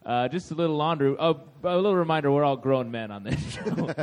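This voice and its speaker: A man's voice: fairly high pitch, fairly quick, a little mellow. Wry, teasing man co-hosting a podcast. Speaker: podcast co-host. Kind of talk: comedic podcast banter.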